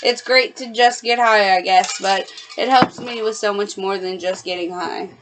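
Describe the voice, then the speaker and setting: A woman adds short remarks to a casual conversation. There is faint noise in the background, and her pitch sits in a medium range. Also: normal speed. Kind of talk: casual chat.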